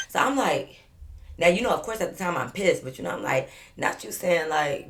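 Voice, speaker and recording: Low-voiced young woman telling a story. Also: expressive, brisk, a little hiss or hum. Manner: profane, chatty, emphatic storytelling. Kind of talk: casual storytime vlog.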